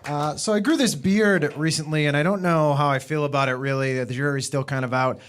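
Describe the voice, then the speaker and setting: A young man from the Boston area doing a stand-up routine with dry, ironic delivery, mocking people in high voices. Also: steady tone, brisk, slight background noise. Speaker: stand-up comedian.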